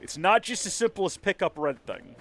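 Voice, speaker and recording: A man's voice: sits high, very animated, a little fast, vocal fry, fairly bright tone. A man streaming a video game, chatting casually in a rambling, joking, self-mocking way. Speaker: let's play streamer.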